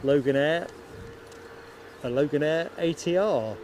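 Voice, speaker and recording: Slow-talking man hosting a plane-spotting stream. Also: on the high side, background noise. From United Kingdom. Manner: chatty, laughs easily, greets viewers by name. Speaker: live stream host. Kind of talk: casual live commentary. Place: outdoors at an airport.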